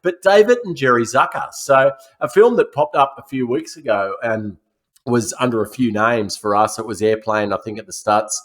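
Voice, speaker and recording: A man's voice: mid-range voice, normal speed. A man co-hosting a casual film podcast, presenting his segment in a loose, jokey, swearing way. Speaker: podcast co-host.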